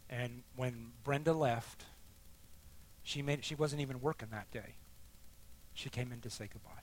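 A middle-aged man tells a personal faith story in the manner of a sermon, his voice sitting at an ordinary pitch. He drops to near-hushed tones at tender moments and rises into loud, emphatic bursts when the story peaks. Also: measured pace. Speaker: speaker sharing testimony. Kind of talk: sermon-style personal testimony.

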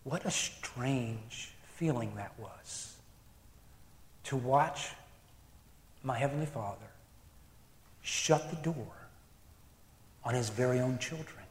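A man preaching a sermon in an earnest, reflective way, moving between emphatic lines and hushed ones. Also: mid-range voice, slow, long pauses, echoey room, big-room sound.

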